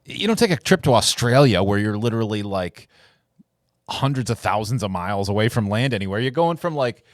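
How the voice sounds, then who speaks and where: A man's voice: on the low side, lively intonation, a little fast, dry recording. Guy cohosting a podcast, dry teasing jokes, voice goes up and down a lot, mic right up close. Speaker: podcast co-host. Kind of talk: casual chat.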